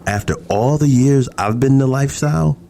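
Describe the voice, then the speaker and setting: A man's voice: medium pitch, brisk, vocal fry, mellow, a little hiss or hum. A man who is a podcast guest, telling a story in a laid-back, casual and profane way.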